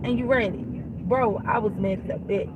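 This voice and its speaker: A woman's voice: medium pitch, moderate pace, phone-quality sound. A woman telling a heated, profane storytime rant while in her car, repeating herself. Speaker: vlogger. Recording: car noise behind voice.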